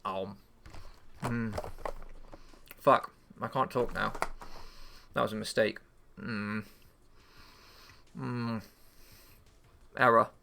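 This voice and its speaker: A man's voice: fairly low pitch, steady tone, drawn-out words, vocal fry, long pauses, noisy background. A young English man hosting a game channel, rambling in casual chat, swearing freely, stumbling over and repeating his words. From England. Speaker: channel host and league player.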